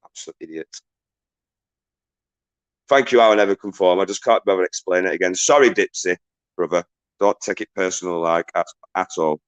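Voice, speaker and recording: A man's voice: low-pitched, brisk, smooth, dull audio. A man on a livestream, agitated and swearing as he reads out and answers viewer messages. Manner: agitated and ranting, swears often, shouts out viewers.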